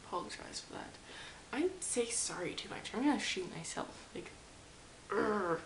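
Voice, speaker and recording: A woman's voice: mid-range voice, animated, moderate pace. A young woman from Canada talking to camera from her game room, rambling and self-deprecating, often dropping into a whisper. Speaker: vlogger. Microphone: camera mic. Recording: echoey room with faint hiss.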